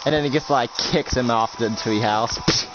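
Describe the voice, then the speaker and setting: A young man rambles through a casual game roleplay, stacking up fillers as he narrates. His voice sits at an ordinary pitch. The sound is dull and lo-fi, with clear music underneath. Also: normal speed. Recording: lo-fi recording with music behind.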